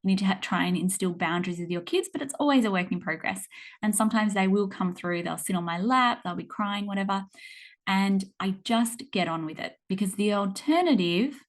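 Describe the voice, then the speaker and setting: An Australian woman hosting her podcast, telling a story in a casual, animated way with some laughter. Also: medium pitch, a little fast. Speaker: podcast host.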